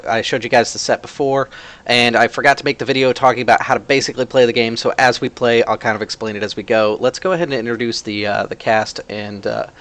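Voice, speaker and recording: A man acting as game master, casually introducing the players at the table. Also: mid-range voice. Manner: relaxed, chatty, with many fillers. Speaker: game master and channel host.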